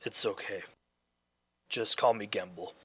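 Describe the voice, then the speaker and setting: A man's voice: on the low side, fairly even intonation, unhurried, slightly rough, dry recording, pitched below the performer's own voice. A man voicing a determined young male clan warrior who speaks in short, broken sentences. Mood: resolute. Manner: quiet, firm, broken grammar.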